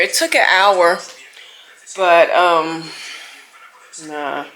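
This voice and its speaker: A middle-aged woman vlogging to camera in casual chat, animated and exclaiming, trailing off into soft musing, with faint music behind. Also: deep voice, slow pace, pauses often, slight background noise.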